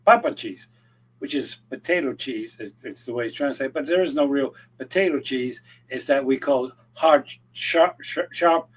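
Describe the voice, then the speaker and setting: A man from Rico, a podcast co-host telling an animated story in casual chat, acting out the people he quotes and often restarting his sentences. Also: medium pitch, normal speed, husky.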